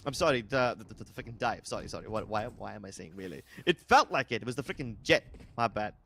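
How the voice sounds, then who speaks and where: A young man calling a live esports match, measured play-by-play with playful asides. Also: on the low side, expressive, creaky, a bit bright, a little hiss or hum. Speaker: esports caster.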